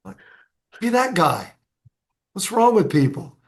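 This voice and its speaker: Speaking slowly in a high voice, this man, a designer and entrepreneur, is an animated storyteller on a casual podcast interview. He acts out dialogue and restarts his sentences often.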